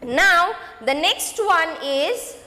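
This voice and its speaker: A woman teaching a grade six grammar lesson, repeating points slowly and checking in with students. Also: extremely high pitch, animated, sharp tone, big-room sound. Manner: slow, repetitive, addresses students with "okay?" checks.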